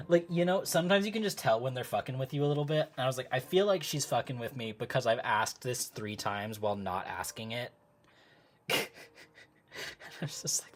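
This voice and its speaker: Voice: mid-range voice, slight background noise. A live-stream host chatting casually with viewers while crafting at home, easily sidetracked and laughing often. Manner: talks to live chat. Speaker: livestream host.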